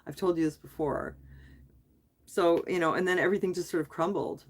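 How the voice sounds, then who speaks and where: A middle-aged woman vents to her live-stream viewers, rambling and restarting as she goes. Her voice sits on the low side for a woman. She sounds frustrated and worn down. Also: fairly even intonation, brisk, breathy edge. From Canada. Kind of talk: casual live stream chat.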